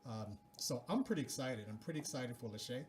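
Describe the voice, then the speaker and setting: A man's voice: medium pitch, lively intonation, fairly quick, a little mellow, slight background noise. A man in his fifties, a network producer, explaining in a businesslike way with a slightly rusty voice. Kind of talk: casual chat.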